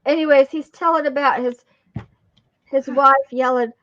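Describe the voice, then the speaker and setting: A chatty woman with a slightly high voice hosts a relaxed crafting stream. She rambles through her stories with fillers and self-corrections. The sound is dull and a bit lo-fi. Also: moderate pace. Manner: rambling storytelling with many fillers and restarts. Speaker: craft channel host. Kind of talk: casual live-stream chat while crafting.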